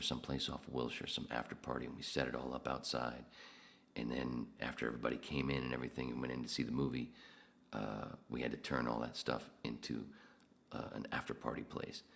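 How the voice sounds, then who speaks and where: A man's voice: very deep voice, creaky. A man hosting a podcast, telling rambling, profanity-laced stories in a casual way. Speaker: podcast host. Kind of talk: casual storytelling.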